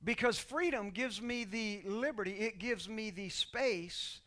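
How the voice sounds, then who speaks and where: A male pastor preaching a sermon, moving from quiet scripture reading to loud, shouted exhortation and leading the congregation in call-and-response. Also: high-pitched, a little slow.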